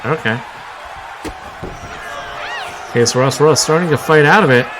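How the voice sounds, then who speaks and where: A man doing live play-by-play commentary on a wrestling show, excitable, with frequent exclamations and wry asides. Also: a little high, quick pace. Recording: clear crowd noise and background noise.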